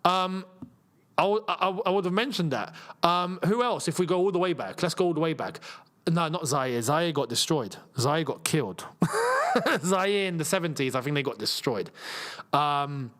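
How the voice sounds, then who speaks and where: A young man hosting a live football watchalong, chatting casually and reacting loudly to chances on the pitch. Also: lively intonation, moderate pace. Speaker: football channel host. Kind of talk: live match watchalong chat.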